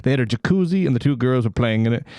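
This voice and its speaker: A man's voice: mid-range voice, animated, quick pace, darkish tone, no echo. Vigorous laughing man reading aloud. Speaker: podcast co-host.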